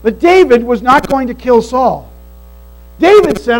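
A man's voice: extremely high pitch, expressive, unhurried, poor audio. A man preaching a sermon as pastor, earnest and emphatic, repeating key phrases. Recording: mains hum behind the voice.

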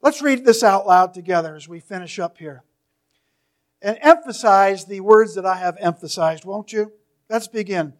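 High-voiced preacher, slow emphatic scripture reading. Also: male voice. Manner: reads scripture slowly and emphatically, drops to near-whispers at phrase ends. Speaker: pastor. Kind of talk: sermon. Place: church.

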